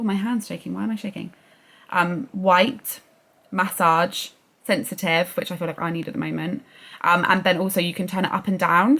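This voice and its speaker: A young British woman reviewing a product at home in a chatty, excitable way, with lots of fillers. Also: mid-range voice. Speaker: vlogger. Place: home bathroom.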